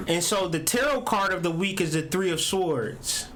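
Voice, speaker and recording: A man's voice: high-pitched, normal speed, a bit bright, slight background noise. A man hosting a spiritual astrology and tarot video, talking casually in a meandering, emphatic way with casual swearing. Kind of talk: casual spiritual talk to camera.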